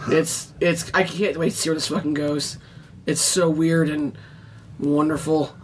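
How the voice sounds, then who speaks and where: Higher-voiced man, crude offhand banter. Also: little pitch movement, measured pace, a little hiss or hum. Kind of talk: casual chat.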